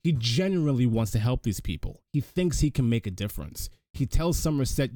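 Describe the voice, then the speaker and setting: Male podcast host, animated recap delivery, dry close-miked sound. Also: mid-range voice, normal speed, no echo. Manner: animated storyteller, frequent restarts. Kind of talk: casual film recap chat.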